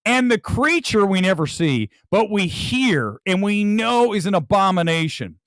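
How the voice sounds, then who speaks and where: A man hosting a movie talk livestream, ranting in an animated way and reading viewer comments aloud. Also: high-pitched, clean tone, no room sound. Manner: animated, ranting, reads viewer super chats. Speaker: movie talk show host. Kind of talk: livestream movie review chat.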